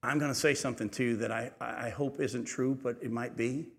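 A man preaching a sermon. He reads scripture aloud, comments on it, and swings between raised and hushed delivery. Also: medium pitch, steady tone, moderate pace, creaky. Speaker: pastor. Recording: reverberant hall.

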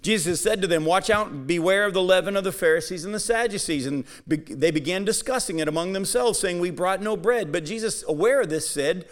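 Speaking straight to his congregation, a pastor with a high voice preaches a Bible-teaching sermon, slowly emphasizing each line of scripture he reads aloud.

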